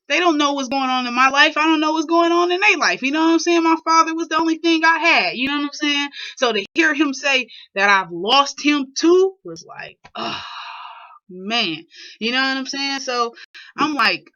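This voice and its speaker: A young woman vlogger tells a personal story in a loose, rambling way, constantly checking in with her listener. Her voice sits a little high and sounds bright and forceful. The audio is dull and lo-fi. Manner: rambling, filler-heavy, keeps asking "you know what I'm saying". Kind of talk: casual storytelling to camera.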